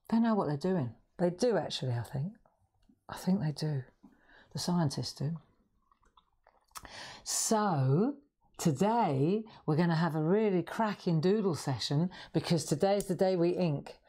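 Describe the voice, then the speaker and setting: A woman with a slightly croaky voice hosting a live craft stream, chatting and reassuring her viewers. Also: low-pitched, expressive, measured pace, long pauses, mellow. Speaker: craft livestream host. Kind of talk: casual live-stream chat.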